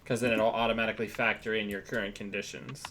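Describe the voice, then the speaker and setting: A man's voice: fairly low pitch, level tone, fast talker, noisy background. A man narrating a tabletop game as game master, describing scenes loosely with many fillers.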